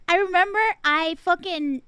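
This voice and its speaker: Woman streamer, high and bright-toned, rambling emotional storyteller who swears a lot, close dry sound. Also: slow, dry recording.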